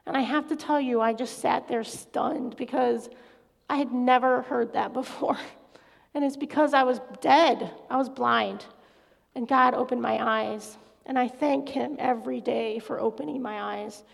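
A woman's voice: on the high side, steady tone, unhurried, vocal fry. A middle-aged woman giving an earnest, confessional personal faith testimony as a guest speaker in a large hall. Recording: echoey hall reverb.

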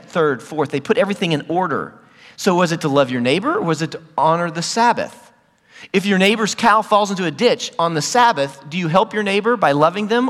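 Animated middle-aged pastor, high, lively voice, long hall reverb. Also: male voice. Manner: animated storyteller, jumps to loud high squeals when acting scenes. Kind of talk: sermon.

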